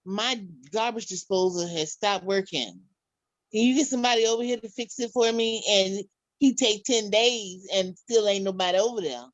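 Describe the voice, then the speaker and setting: A woman co-hosting a podcast in casual chat, laying out scenarios in a measured way. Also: mid-range voice, no echo, lo-fi sound. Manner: measured, sets up scenarios at length.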